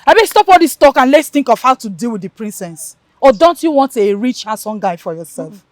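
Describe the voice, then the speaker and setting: A sly, goading young schemer. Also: female voice, fairly high pitch, sing-song, brisk, no echo. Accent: Nigerian Pidgin-tinged English. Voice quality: teasing, goading. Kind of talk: film drama acting.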